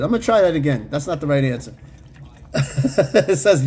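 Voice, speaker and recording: A man's voice: fairly high pitch, very animated, normal speed, a little mellow, slight background noise. A man hosting a podcast in casual, slangy, profane chat, reading comments from his live chat. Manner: loose, slangy and profane, with frequent fillers and laughs. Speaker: podcast host.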